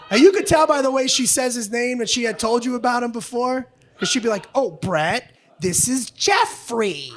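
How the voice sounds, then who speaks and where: A man doing a stand-up comedy set on a club stage, loud and profane, acting out both sides of arguments. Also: very high voice. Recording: live club recording with audience noise.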